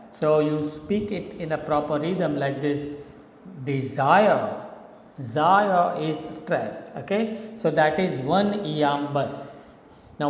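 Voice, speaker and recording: A male teacher with an Indian English accent, explaining a lesson step by step, spelling words out and often asking "okay". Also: on the high side. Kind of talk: lecture. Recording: echoey room, long reverb.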